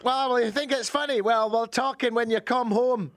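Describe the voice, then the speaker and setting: A man's voice: extremely high pitch, fairly even intonation, moderate pace, fairly bright tone, no echo, studio quality, pitched above the performer's own voice. A man voicing a stern middle-aged Scottish mother who scolds her grown child. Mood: scolding. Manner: scolding, exasperated.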